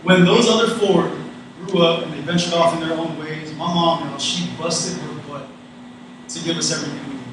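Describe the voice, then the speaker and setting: A man's voice: on the high side, steady tone, normal speed. A young adult man from North Carolina, giving a casual, folksy graduation speech that addresses the audience directly. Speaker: guest speaker. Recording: echoey hall, distant mic, noisy.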